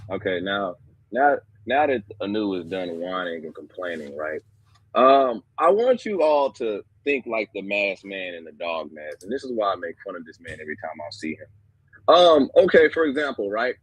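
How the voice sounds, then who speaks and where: Debater, male, husky, swooping pitch, mocking and lecturing, dry close sound. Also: sing-song, moderate pace, no room sound, low-quality recording. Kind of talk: heated online debate.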